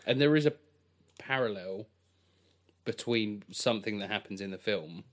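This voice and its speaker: A man's voice: lowish voice, moderate pace. A man co-hosting a podcast, chatting casually about a film in a laid-back, agreeable way. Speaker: podcast co-host. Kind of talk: casual film review chat.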